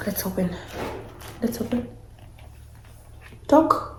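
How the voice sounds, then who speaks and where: A woman's voice: fairly high pitch, moderate pace, long pauses, a little mellow. A young woman, vlogging as she unboxes gifts, gushing and repeating herself emotionally. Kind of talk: casual vlog, unboxing gifts. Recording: echoey room, faint noise.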